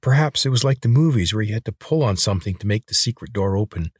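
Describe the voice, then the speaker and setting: A man with a husky voice narrating a novel in steady, measured storytelling. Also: fairly low pitch, dry recording, clean studio sound. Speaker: audiobook narrator.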